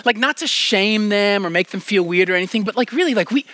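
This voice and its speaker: A man preaching a sermon to his congregation, asking them questions and sometimes dropping to a hushed near-whisper for emphasis. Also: high voice, fast, no echo. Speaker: pastor.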